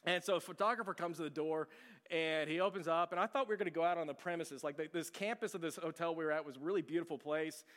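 A man's voice: a little high, quick pace, a bit bright. A middle-aged man preaching a chatty, self-deprecating sermon, telling a story and asking the audience questions. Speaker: pastor. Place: church sanctuary. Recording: long hall reverb.

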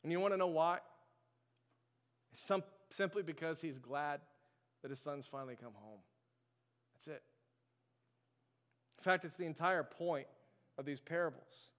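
Male pastor preaching, smooth clear voice, flat-ish delivery, big echoey church hall. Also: fairly high pitch, moderate pace. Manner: impassioned preaching with rhetorical questions. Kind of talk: sermon. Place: church sanctuary. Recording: long hall reverb.

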